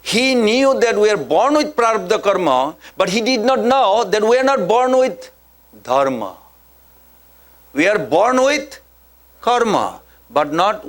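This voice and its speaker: Animated male preacher telling a story. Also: high-pitched. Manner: animated storyteller, asks the audience questions. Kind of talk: scripture lecture with storytelling.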